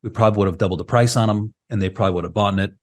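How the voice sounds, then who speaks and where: A man with a lowish voice talks through a video call in a loose, animated podcast chat. He keeps tagging his points with a quick "right?" and rolls from one idea to the next. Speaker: podcast co-host. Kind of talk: casual chat.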